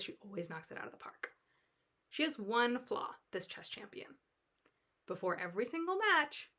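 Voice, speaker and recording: Casting: young woman coach, bright and a touch high, chatty, reassuring, talks straight to camera. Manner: chatty, reassuring, acts out her own inner voice. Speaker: life coach. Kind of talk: casual talk to camera.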